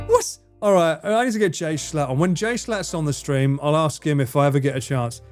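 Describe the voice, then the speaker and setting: A man's voice: fairly high pitch, fairly quick, few pauses, faint music behind. A man chatting casually on a live stream, laughing often and swearing freely as he reads chat.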